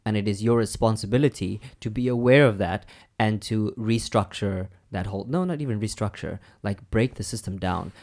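A young man co-hosting a podcast in casual chat, candid and animated, swearing and laughing often. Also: on the low side. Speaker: podcast co-host.

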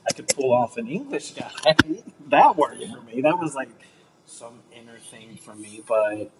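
A man's voice: medium pitch, very animated, a little slow, a crowd in the background, low-quality recording. A man co-hosting a podcast, sharing thoughts in casual chat. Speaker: podcast co-host. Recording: clear background noise.

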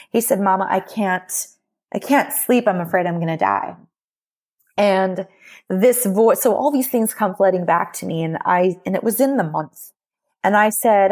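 A middle-aged woman, a podcast guest and memoir author, tells a personal story earnestly and from the heart, restarting often. Her voice is medium-pitched and a little mellow.

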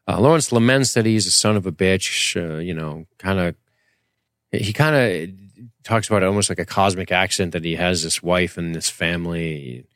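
A man's voice: deep voice, normal speed, a bit bright, no room sound, studio quality. A man co-hosting a podcast, recapping an episode in loose, joking, profane chat. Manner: joking, profane, acts out quotes from the show. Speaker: podcast co-host.

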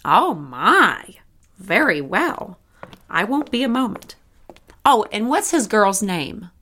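An actress playing a polished saleswoman in an audio drama, speaking in a smooth, solicitous way. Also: medium pitch, sing-song, slow, sharp tone, exaggerated voice. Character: polished woman, attentive dress shop saleswoman.

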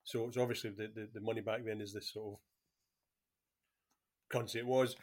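A man co-hosting a casual film chat, relaxed and sharing trivia. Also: lowish voice, fairly quick. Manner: relaxed, shares trivia, laughs often. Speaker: podcast co-host.

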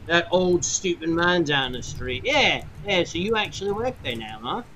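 A man's voice: on the high side, animated, moderate pace, pushed and bright, a little hiss or hum, voice pushed up, low-quality recording. A man voicing a drunk, overly familiar dockside thug who turns menacing, with a slurring, pushy manner.

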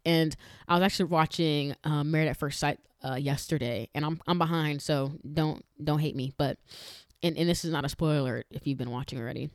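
A woman's voice: sits low, fairly even intonation, normal speed, dry recording. Earnest woman podcaster, dry sound. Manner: earnest and emphatic, with many restarts; chatty, addressing listeners directly. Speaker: podcast host. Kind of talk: faith-based podcast talk.

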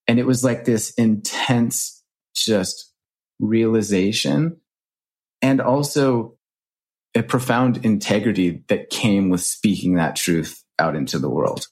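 A man in his thirties, a podcast guest and author, telling reflective stories in an earnest, animated way with casual swearing. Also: lowish voice, slow pace, husky. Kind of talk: reflective storytelling.

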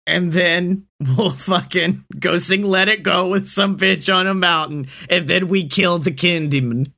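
A man playing a comedic tabletop game, crude and excitable, laughing often. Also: sits high, unhurried, gravelly. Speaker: player. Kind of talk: casual comedic tabletop play.

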